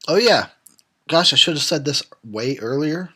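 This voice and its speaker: A man's voice: on the high side, animated, moderate pace, bright, forceful tone, husky. A tired man who has been drinking, giving casual, profane, sarcastic commentary on a film and chuckling often. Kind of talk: casual drunk movie commentary.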